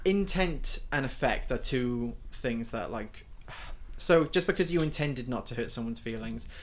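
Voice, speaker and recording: A man's voice: medium pitch, expressive, unhurried, a crowd in the background. A man co-hosting a podcast, talking earnestly about feelings in a rambling way full of fillers. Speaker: podcast co-host. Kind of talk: casual chat.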